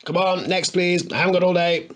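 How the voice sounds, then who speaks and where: A man's voice: sits high, fairly even intonation, a little fast, a bit bright, voice pushed up. A man voicing an impatient bus driver who speaks brusquely.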